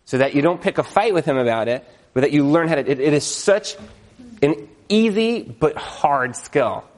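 Animated, chuckling male relationship teacher. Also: fairly high pitch, normal speed. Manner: animated, acts out quotes, chuckles often. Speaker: marriage educator. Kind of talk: casual teaching talk.

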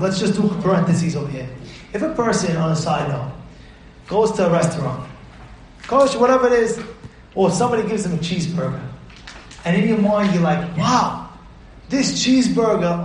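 A man's voice: high voice, lively intonation, a little fast, a little hiss or hum. A man, a rabbi, giving an emphatic Torah class lecture, repeating his points and putting questions to his listeners. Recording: roomy echo.

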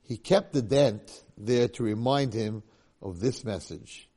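A man's voice: medium pitch, moderate pace, mellow. A man teaching a religious lecture, telling a moral story and repeating key points for emphasis. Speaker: Torah teacher.

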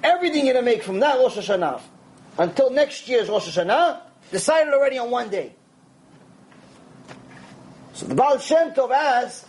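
A man delivers a Torah lecture in a conversational, animated way, now and then acting out the voices of people he quotes. His voice sits high for a man. A faint hiss of background noise runs under the talk. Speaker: rabbi.

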